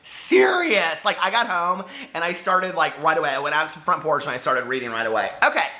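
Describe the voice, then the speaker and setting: A man chatting casually to his viewers in a book vlog, telling stories in an animated way from home. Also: a little high, fast. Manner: animated storyteller, talks straight to viewers. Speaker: book vlogger.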